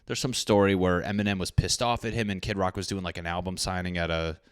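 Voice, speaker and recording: A man's voice: low-pitched, fairly even intonation, fast talker, clear, resonant tone, no echo. A man hosting his own podcast, talking in a rambling, profane, jokey way. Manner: profane, rambling, puts on comic voices. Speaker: podcast host. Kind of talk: solo podcast rant.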